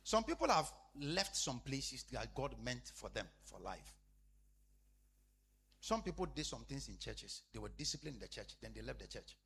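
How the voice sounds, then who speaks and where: A man preaching a sermon as an apostle, repeating his phrases and swinging from shouted emphasis to low, quiet asides. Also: very animated, normal speed, creaky.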